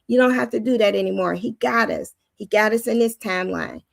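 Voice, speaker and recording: A woman with a high, youthful-sounding voice giving an informal spoken teaching on faith, preacherly and often acting out the voices she quotes. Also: fairly quick, creaky, no echo.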